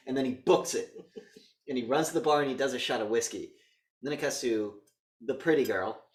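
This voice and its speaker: A man co-hosting a podcast, retelling a movie's plot in casual chat and slipping into quick voice impressions. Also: medium pitch. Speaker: podcast co-host. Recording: roomy echo, mic a bit distant.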